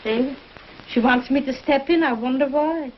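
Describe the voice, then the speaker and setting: An actress playing a chatty, warm-hearted housewife and mother in a 1950s TV sitcom, fussing in quaintly worded sentences, on a dull old soundtrack. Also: high-pitched, normal speed, a little hiss or hum, close to an everyday voice. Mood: bustling. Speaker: lead character, family mother.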